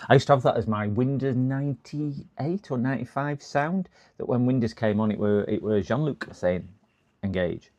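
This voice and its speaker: A man's voice: medium pitch, normal speed, a little mellow, lo-fi sound. A man chatting casually on a live repair stream, rambling and laughing at his own puns.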